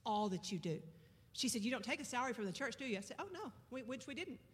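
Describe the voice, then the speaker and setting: A woman from Arkansas preaches a sermon and recounts a missionary story in a folksy, conversational manner, stretching out words for emphasis. Her high voice is animated, very fast, a bit bright and husky, echoing in a reverberant church hall.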